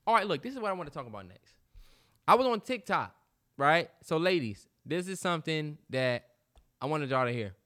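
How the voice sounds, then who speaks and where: A man's voice: a little high, very animated, brisk, fairly bright tone. A man co-hosting a podcast, talking in a laid-back, slangy way and teasing his co-host. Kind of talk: casual chat.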